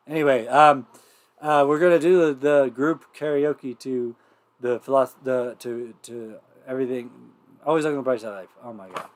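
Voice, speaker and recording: A man's voice: medium pitch, moderate pace. A man hosting a livestreamed variety show, talking casually and rambling through intros with lots of fillers and restarts. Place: home livestream setup.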